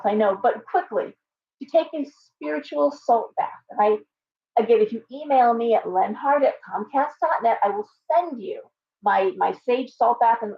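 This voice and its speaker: A woman's voice: a little high, gravelly. A woman hosting a live show as a tarot reader, talking in a chatty, rambling, blunt way with frequent restarts. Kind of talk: casual live-stream chat. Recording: dull lo-fi sound with faint hum.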